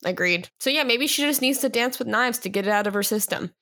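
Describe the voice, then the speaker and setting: A woman's voice: on the high side, animated, quick pace, pushed and bright. A woman co-hosting a podcast in casual chat, laughing often and backing up her friends. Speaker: podcast co-host.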